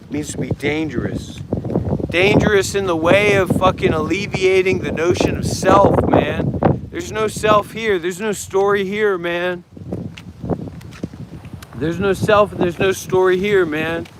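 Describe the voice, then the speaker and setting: A man's voice: high voice, measured pace. A man from America live streaming outdoors, preachy and profane, urging someone along and repeating "man.". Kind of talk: rambling live stream banter. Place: outdoors on a street. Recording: loud wind noise outdoors.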